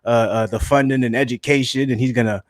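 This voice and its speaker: A man co-hosting a podcast, chatting casually in a loose, profane, animated way. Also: medium pitch, fast, dry recording. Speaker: podcast co-host. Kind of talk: casual chat.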